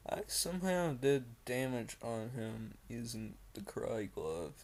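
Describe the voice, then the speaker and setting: A young man reads a creepypasta at an unhurried pace, his voice pitched in a middle range. He keeps stopping to ramble and mock the story, with plenty of fillers along the way. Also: very animated, creaky. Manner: rambling, with many fillers and mocking asides. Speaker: creepypasta reader. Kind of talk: reading a creepypasta with commentary.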